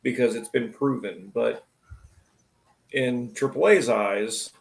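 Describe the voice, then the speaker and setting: Gravelly-voiced mechanic chatting casually. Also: male voice, medium pitch, slow, reverberant. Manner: blunt, profane, explains shop work. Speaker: auto technician and host. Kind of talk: casual live-stream chat.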